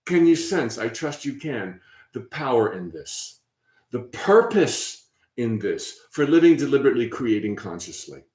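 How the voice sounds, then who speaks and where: A man hosting a spiritual talk, conversational and encouraging, often repeating phrases softly as he guides listeners. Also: medium pitch, big pitch swings, unhurried, echoey room. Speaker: host.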